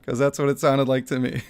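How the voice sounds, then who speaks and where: A young man streams a mobile game and chats casually with his viewers, reading donations and chat aloud and laughing a lot. His voice is medium-pitched, clear and resonant, at a normal speed, and his manner is animated.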